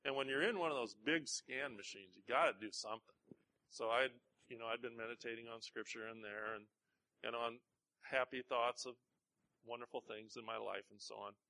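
A man, a pastor, preaching a conversational sermon, telling a personal story with self-deprecating humor and halting restarts. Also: mid-range voice, fairly even intonation, vocal fry, pushed and bright.

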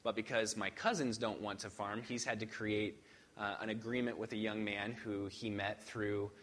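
A man preaching a sermon in a somewhat low voice. He reads scripture in a measured way, then shifts into relaxed, conversational preaching with frequent fillers. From rural Midwest farming family. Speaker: pastor.

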